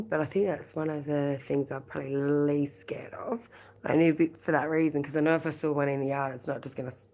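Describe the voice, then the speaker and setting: Low gravelly Australian woman chatting. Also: slight background noise. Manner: chatty and rambling, laughs often. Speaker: livestream host. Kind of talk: casual live-stream chat.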